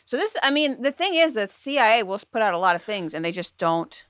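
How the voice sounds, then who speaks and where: A woman guest on a casual podcast chat, speaking fast and often trailing off. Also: a little high, very animated, fairly bright tone, smooth, no room sound, clean studio sound.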